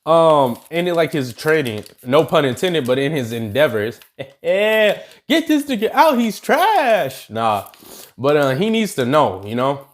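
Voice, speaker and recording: Young guy YouTuber, slangy casual storyteller, very lively pitch, fairly high voice. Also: unhurried. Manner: slangy, animated, addresses viewers as y'all. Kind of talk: casual anime what-if storytelling.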